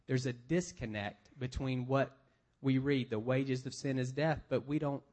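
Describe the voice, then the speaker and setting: A man's voice: medium pitch, fairly even intonation, unhurried, a little mellow. A man, a pastor, preaching a conversational sermon, reading scripture aloud and explaining it with everyday examples.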